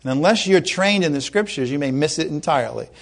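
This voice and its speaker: A man preaching a sermon, fervent and emphatic, who slows down to read scripture and stumbles over his words when worked up. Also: a little high, lively intonation, gravelly.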